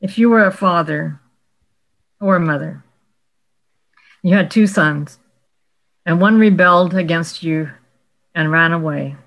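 A woman explaining Bible passages in a relaxed discussion, slowing down to quote verses. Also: fairly low pitch, vocal fry, rough recording. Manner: explanatory, quotes scripture slowly, some restarts. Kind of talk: casual scholarly discussion.

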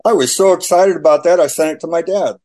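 A man gives a personal faith testimony in conversation, telling his story animatedly and acting out the dialogue. He talks fast in a slightly high voice.

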